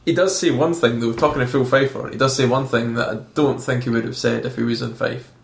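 A man's voice: medium pitch, fairly even intonation, a little fast, gravelly. A man chatting casually as a film commentary co-host, teasing and laughing often. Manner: giggly, teasing, bursts into laughter. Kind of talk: casual chat. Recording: echoey room.

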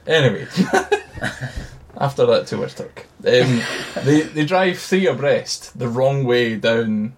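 A man's voice: medium pitch, expressive, takes it slowly, long pauses, a little hiss or hum. Man, casual podcast chat, rambling recap, laughs a lot. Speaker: podcast co-host.

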